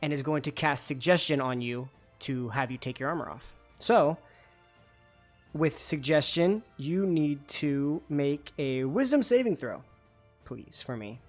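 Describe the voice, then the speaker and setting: A man's voice: a little high, animated, a little slow, soft background music. A man narrating as dungeon master in a loose, chatty way, with lots of fillers and restarts. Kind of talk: narrating a tabletop game over a call.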